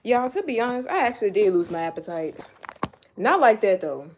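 A woman's voice: medium pitch, sing-song, fairly quick. A woman chatting casually to her viewers while she cooks in her home kitchen, filmed on a phone. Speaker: vlogger. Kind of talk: casual late-night cooking vlog. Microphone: phone camera. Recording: phone audio with loud frying noise. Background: sizzling frying oil and running tap.

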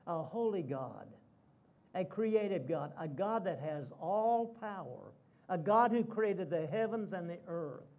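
High-voiced man preaching a story sermon. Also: animated, unhurried, a little mellow. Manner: dramatic storytelling with repeated phrases. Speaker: guest preacher. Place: church.

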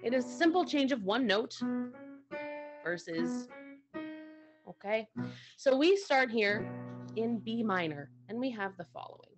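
A woman's voice: fairly high pitch, expressive, a little slow, pauses often. Woman explaining music, chatty and patient. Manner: conversational, often checks in with "right?". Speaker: co-host and music teacher.

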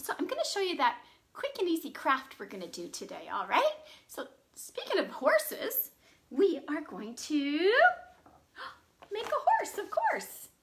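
A woman librarian leading a children's storytime from home, animated and full of gasps as she talks to young kids. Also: sits high, a little slow.

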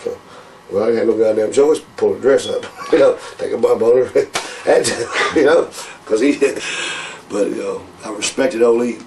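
An older man spins profane stories, calling everyone brother. His voice is low and gravelly, and he sits a little back from the mic over faint room noise. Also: normal speed, far from the mic, poor audio. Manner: profane, animated, calls people brother, laughs often. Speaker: interview guest, former wrestler. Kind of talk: casual storytelling interview.

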